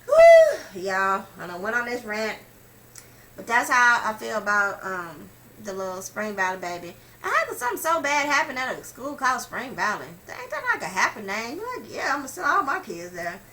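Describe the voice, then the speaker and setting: A woman's voice: medium pitch, big pitch swings, moderate pace, bright, forceful tone, slight background noise, low-quality recording. A woman vlogger in an impassioned, profane rant to camera, blunt and repetitive, speaking straight to her viewers. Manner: blunt, heavily profane, repeats herself for emphasis; talks straight to viewers, calls them y'all.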